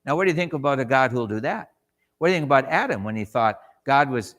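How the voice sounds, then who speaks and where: Male Sabbath school teacher, mid-pitched, conversational, quizzes the class, church hall reverb. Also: animated, fast talker, a bit bright. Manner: conversational, asks the class questions, acts out short quotes.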